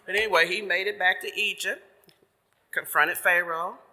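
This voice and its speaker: A man's voice: high voice, steady tone, normal speed, sharp tone. A man giving a casual storytelling sermon at church, folksy and chatty, paraphrasing loosely. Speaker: church member giving the message. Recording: long reverb of a church sanctuary.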